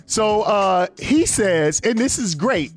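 Animated internet radio host, man. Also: sits high, takes it slowly, faint music behind. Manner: animated, reads listener messages aloud with slang. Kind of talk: casual radio show banter.

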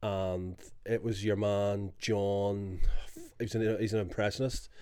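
A man's voice: lowish voice, little pitch movement, a little slow, a little mellow, clean tone, no room sound. A Scottish man chatting casually as a podcast co-host, telling sweary stories and bantering. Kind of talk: casual chat.

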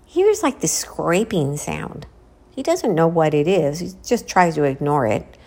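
Slow-talking woman telling a spooky tale. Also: low-pitched, sing-song. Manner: drops to a hushed whisper at tense moments. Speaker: storyteller. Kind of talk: casual spooky storytelling. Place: outdoors, walking.

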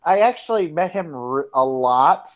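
A man chatting casually on a live-stream podcast, quick to joke and get excited. His voice sits a little higher than most men's. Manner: excitable, jokey. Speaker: podcast co-host.

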